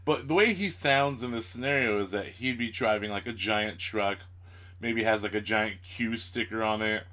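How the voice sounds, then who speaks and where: A man's voice: fairly low pitch, normal speed, bright, forceful tone. A man co-hosting a casual chat, easygoing and teasing, laughing often. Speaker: co-host.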